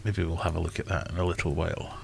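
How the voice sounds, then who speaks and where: A man's voice: low voice, steady tone, fast, vocal fry, a little hiss or hum. A Scottish man hosting a casual fish-keeping live stream, rambling and joking at himself as he thinks aloud. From Scotland. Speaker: aquarium channel host.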